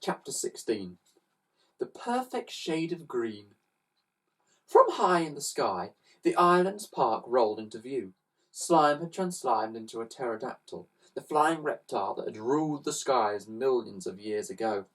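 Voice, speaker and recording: A man reading a children's story aloud with expressive, animated narration, recorded on a slightly distant mic. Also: mid-range voice, a little slow. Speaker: storybook reader.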